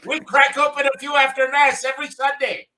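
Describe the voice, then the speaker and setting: A man's voice: very high voice, level tone, a little fast, bright, forceful tone, pitched above the performer's own voice, heavily acted. A man voicing a jovial middle-aged Catholic priest with a hearty, folksy manner.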